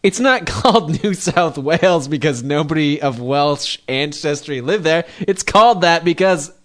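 A man's voice: a little high, expressive, unhurried. A man from Michigan co-hosting a podcast, cracking jokes and laughing often in casual chat. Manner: laughing, wisecracking. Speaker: podcast co-host.

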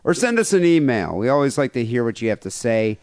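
A man's voice: mid-range voice, very animated, quick pace, a little mellow, dry recording, clean studio sound. A man co-hosting a crude comedy podcast, joking loosely and laughing between lines. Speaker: podcast co-host. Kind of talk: crude comedic casual chat.

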